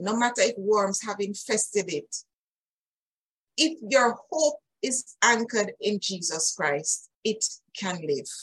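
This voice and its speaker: Emphatic woman preacher, husky voice. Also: medium pitch, fairly bright tone, low-quality recording. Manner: earnest, emphatic, addresses listeners directly. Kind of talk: sermon.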